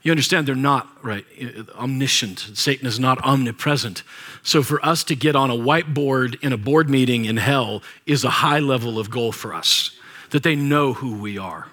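A male pastor delivering a sermon with a bright, forceful tone. He talks to the congregation in a relaxed, conversational way, with playful jokes between scripture readings. His voice sits at a middle pitch for a man. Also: normal speed. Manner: conversational, joking asides to the congregation; reads scripture aloud with commentary.

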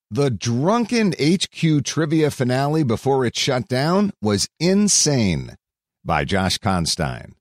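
Animated man reading a news article. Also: medium pitch, takes it slowly, no room sound, clean studio sound. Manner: animated, acts out quoted lines loudly. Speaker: article narrator. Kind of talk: read-aloud news article.

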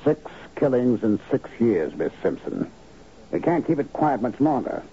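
A man's voice: medium pitch, very animated, measured pace, husky, full character voice. A man playing a shrewd, scheming executive aide in a 1970s radio drama, brusque and lecturing, on a dull lo-fi broadcast recording. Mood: curt. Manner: brusque, lecturing, explains in analogies. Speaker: corporate fixer.

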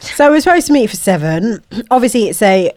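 A woman's voice: fairly high pitch, big pitch swings, brisk, darkish tone, no room sound, studio quality. A young woman with a London accent, telling a dating story in casual podcast chat, slangy and swearing. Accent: London English. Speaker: podcast co-host.

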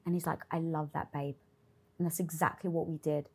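A woman's voice: low-pitched, a little fast, slightly rough. A young adult woman in an interview, telling a candid personal story with lots of swearing and acted-out inner dialogue. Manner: expressive, swears freely, acts out her own inner dialogue. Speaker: interview guest.

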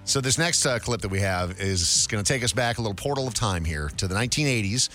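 A man's voice: lowish voice, animated, fast talker, pushed and bright, soft background music. A man co-hosting a podcast, introducing viral clips in wry, rambling casual chat. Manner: wry, rambling, self-deprecating. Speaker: podcast co-host.

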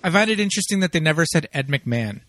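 Male podcast host, a touch high-pitched, giggly and chatty, dry close mic. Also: lively intonation, very fast, fairly bright tone, dry recording. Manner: chatty, laughs often, frequent fillers. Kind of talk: casual chat.

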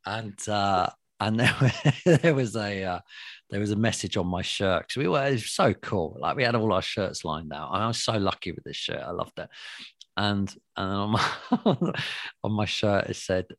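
A man with a rambling, lively storytelling manner, often laughing and restarting as a guest. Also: fairly low pitch, normal speed, no room sound, clean studio sound. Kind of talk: anecdotal storytelling.

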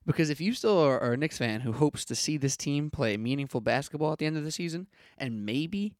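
A young man hosts a solo sports podcast in a punchy, opinionated rant, firing off rhetorical questions. His voice sits at an ordinary middle pitch. The recording is dry and close, with no room sound. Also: no room sound.

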